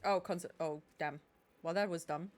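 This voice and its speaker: A woman's voice: fairly low pitch, steady tone, moderate pace, a little hiss or hum. A woman streaming a video game, talking casually with sarcasm, swearing and frequent laughs. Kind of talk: casual gaming commentary.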